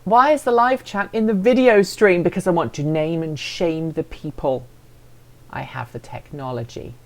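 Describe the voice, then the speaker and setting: Woman, low-ish voice, playful self-deprecating live stream host reading chat. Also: moderate pace.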